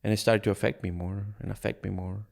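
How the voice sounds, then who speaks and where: Gravelly, low-voiced man from Ecuador. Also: fairly even intonation, darkish tone. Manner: earnest and halting, acts out past conversations. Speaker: podcast guest. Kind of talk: candid personal storytelling in an interview.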